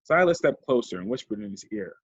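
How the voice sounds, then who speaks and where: A man narrating an audiobook in a steady storytelling way. His voice is husky and mid-pitched, and the dry recording sounds dull. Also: a little fast, no echo. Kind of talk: audiobook reading.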